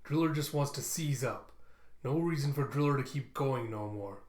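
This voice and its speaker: A man voicing a slow, glum male robot miner who hums before he speaks, in a comic readthrough. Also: mid-range voice, darkish tone, reverberant, close to an everyday voice.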